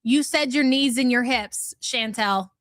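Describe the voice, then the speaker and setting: High-pitched sarcastic woman streamer. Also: a little slow, a bit bright, dry recording. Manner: sarcastic, incredulous, teasing. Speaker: commentary channel host. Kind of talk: livestream commentary reading super chats.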